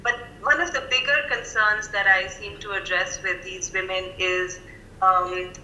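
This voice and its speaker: A woman clinical psychologist speaking over a video call, thoughtful and measured, with frequent fillers. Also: medium pitch, steady tone, pushed and bright, roomy sound, slight background noise, low-quality recording. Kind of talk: professional video-call interview.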